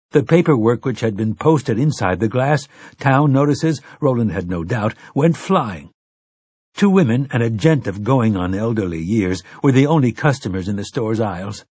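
A man reading an audiobook aloud, telling the story in a measured, dramatic way. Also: medium pitch, a little mellow, husky, no echo. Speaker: audiobook narrator. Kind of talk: scripted narration.

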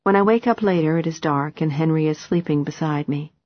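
Woman audiobook narrator, low steady voice, dry close sound, first-person novel. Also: no room sound, lo-fi sound. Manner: steady, measured storytelling.

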